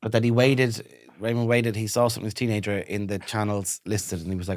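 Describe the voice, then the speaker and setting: A man's voice: on the low side, level tone, quick pace, dry recording. A young man co-hosting a podcast, telling stories in casual chat and laughing often. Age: young adult. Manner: chatty storyteller, laughs often. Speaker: podcast co-host.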